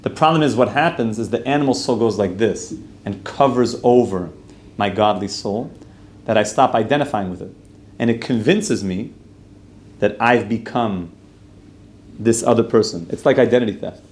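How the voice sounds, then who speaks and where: A man's voice: lowish voice, moderate pace, darkish tone. Casual man teaching a class in an echoey room. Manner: chatty, asks the group questions, loose with "like". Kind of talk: casual Torah class with storytelling. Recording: roomy echo, faint room noise.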